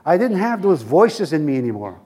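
A male pastor telling a story in a sermon, lively and anecdotal, chuckling at his own jokes. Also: on the high side, a little fast, slightly rough.

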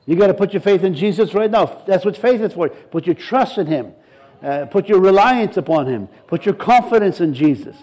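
A man's voice: high-pitched, expressive, moderate pace, dark tone, poor audio. A middle-aged male pastor preaching a sermon, emphatic and repetitive, building in intensity as he presses his points.

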